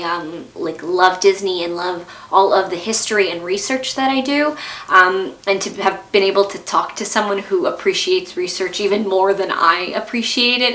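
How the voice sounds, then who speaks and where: A woman's voice: mid-range voice, a bit bright, roomy sound. A young woman hosting a video series, emotional and rambling as she wraps up an interview. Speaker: host. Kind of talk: vlog outro.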